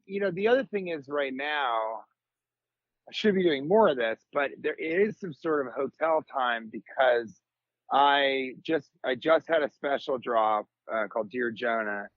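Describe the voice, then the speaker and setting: A man in his forties, a comedian guest on a podcast, telling rambling stories in casual chat and jumping into high comic voices when quoting people. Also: a little slow, no room sound, muffled recording. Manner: rambling, animated storyteller, jumps into high comic voices for quotes.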